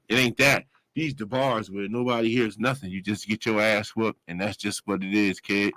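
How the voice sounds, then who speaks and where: A man in his forties tells a long street story in loose slang, rambling and circling back as he goes. He jumps into sudden high yells when he acts out other people. The sound is close and dry. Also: fairly quick, no echo, low-quality recording. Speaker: guest telling a story. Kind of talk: casual storytelling.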